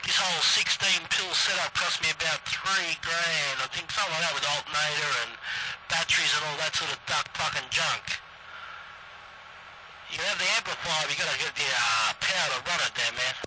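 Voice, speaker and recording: A man's voice: fairly high pitch, moderate pace, bright, forceful tone, slight background noise, low-quality recording. An Australian man chatting on CB radio from a car parked in a country paddock, rambling and swearing casually. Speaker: CB radio operator.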